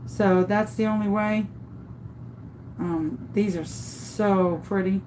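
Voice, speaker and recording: A woman's voice: mid-range voice, fairly even intonation, slow pace, warm tone, a little hiss or hum, low-quality recording. Chatty woman gushing over her craft. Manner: chatty, thinks aloud, often gushes over the work. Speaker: crafter demonstrating epoxy tumbler making. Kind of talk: casual hands-on tutorial.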